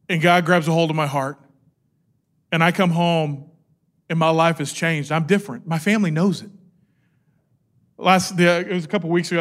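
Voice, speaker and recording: Middle-aged guy preaching, pretty high voice, really animated, acts out the quotes. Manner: energetic, animated storytelling with acted-out quotes. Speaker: pastor. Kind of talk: sermon.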